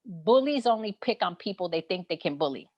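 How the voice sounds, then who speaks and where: A woman speaks with a Brooklyn, New York accent as a guest in a casual online chat. She is frank and animated, and she laughs easily and uses plenty of fillers. It sounds like a video call. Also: on the low side, a little fast, lo-fi sound. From New York City. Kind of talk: casual conversation on a live online session.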